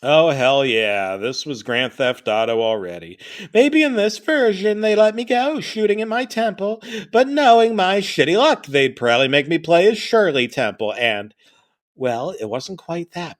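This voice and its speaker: A man's voice: mid-range voice, expressive, moderate pace. A man narrating a comedic horror-parody story with crude, rambling, self-deprecating jokes.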